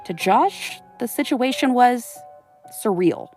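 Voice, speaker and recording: A woman's voice: a little high, lively intonation, slow, a little mellow, faint music behind. A woman host giving scripted, suspenseful narration of a true story.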